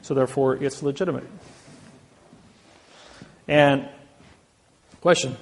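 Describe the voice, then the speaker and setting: A man's voice: medium pitch, fairly even intonation, slow, slight background noise. A man giving a boastful storytelling lecture, acting out the voices of people in his stories. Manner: boastful, acts out quoted voices. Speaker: presenter.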